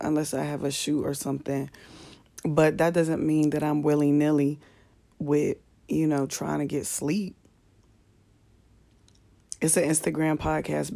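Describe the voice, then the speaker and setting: A woman comedian and podcast host with a low, slightly manly voice, chatting and venting profanely while lying in bed in the dark on a phone. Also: gravelly. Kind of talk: casual late-night live chat. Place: bedroom in apartment at night, lying in the dark.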